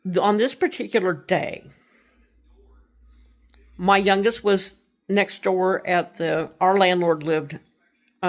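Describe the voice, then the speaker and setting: A woman's voice: fairly low pitch, creaky. A middle-aged woman casually telling a personal ghost story, rambling and correcting herself as she goes. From Texas. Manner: rambling, self-correcting, conversational.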